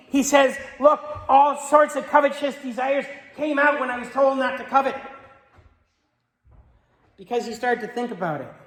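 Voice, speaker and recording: A man preaching a sermon as pastor, conversational and joking, telling stories about his family. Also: very high voice. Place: church sanctuary. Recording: echoey church with long reverb.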